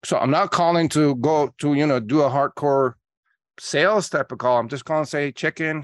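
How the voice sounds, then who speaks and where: A man being interviewed on a podcast as a marketing coach, explaining his ideas with lively quoted examples. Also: a little high, moderate pace, dry recording, studio quality. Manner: energetic storyteller acting out calls in quotes.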